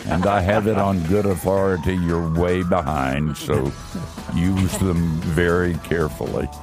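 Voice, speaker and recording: A male talk show host who thanks his guest and jokes in an unhurried way. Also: low voice, steady tone, music in the background. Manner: joking, unhurried.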